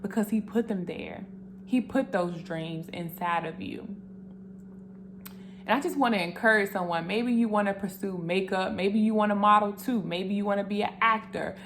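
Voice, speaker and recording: A young woman giving a casual faith testimony to camera, earnest and animated, speaking straight to her viewers with emotion. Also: medium pitch, normal speed, slight background noise.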